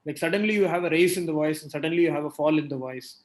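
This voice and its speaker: Leading a clinical teaching discussion, a man quizzes a student and walks through explanations step by step, often checking in with "right?". His voice is fairly high-pitched, a little mellow, and very fast.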